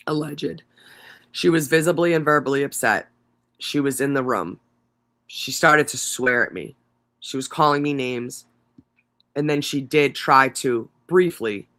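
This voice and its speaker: A man's voice: medium pitch, pushed and bright. A man co-hosting a livestream, reading trial testimony aloud and breaking in with mocking, profane asides. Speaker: livestream co-host.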